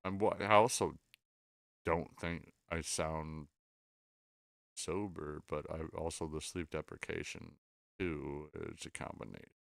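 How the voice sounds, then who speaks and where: A man hosting a casual late-night podcast chat, tired and a little drunk, repeating himself and trailing off quietly. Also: a bass voice, measured pace, gravelly, long pauses, dry recording, clean studio sound. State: sleep-deprived and tipsy. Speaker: podcast host.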